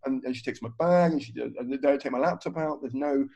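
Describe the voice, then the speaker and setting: Comedian guy rambling through a story on a call, swears a lot, middle pitch, kinda muffled lo-fi sound. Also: fast talker, gravelly, mellow. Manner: swears freely, acts out other people's lines in the story. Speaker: stand-up comedian guest. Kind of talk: casual podcast storytelling. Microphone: video call. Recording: dull, lo-fi video call audio.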